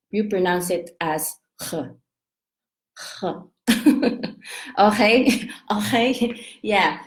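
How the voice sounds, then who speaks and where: A young woman with a Filipino accent talks slowly and casually to her vlog audience. She fills her explanations with ums and restarts. Her voice carries an echoey room sound. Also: medium pitch. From Philippines. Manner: chatty, laughs often, many fillers and restarts. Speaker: vlogger.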